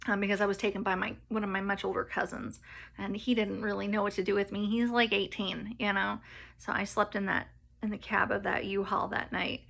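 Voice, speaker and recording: Gravelly, bright-voiced woman telling her story. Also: medium pitch. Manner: hesitant, many fillers and restarts; laughs nervously at painful moments. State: emotional, near tears. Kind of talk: personal storytelling vlog.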